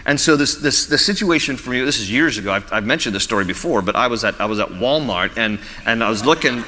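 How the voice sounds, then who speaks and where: A man preaching a sermon as a pastor, animated and storytelling, often restarting his phrases. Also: mid-range voice, fast talker, in a large hall.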